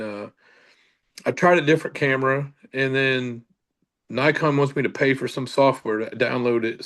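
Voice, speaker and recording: A middle-aged man, a paranormal investigator, telling a casual story with many fillers and restarts. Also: medium pitch.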